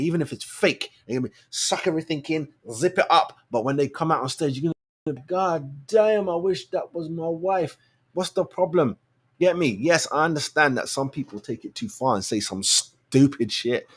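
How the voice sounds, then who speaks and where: A man hosting a show, ranting his opinions in blunt, slangy, animated talk. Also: slightly rough. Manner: animated, slangy and blunt, swings between low mutters and loud outbursts. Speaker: show host. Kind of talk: casual opinion rant.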